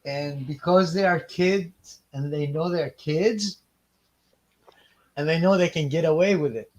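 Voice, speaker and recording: A man's voice: fairly high pitch, unhurried, darkish tone, rough recording. A man in a casual stream chat, earnestly explaining things at length.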